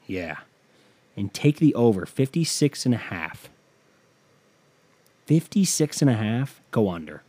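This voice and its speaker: A man's voice: fairly low pitch, dark tone. A man hosting a casual solo podcast, offhand and profane as he reads betting odds aloud. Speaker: podcast host.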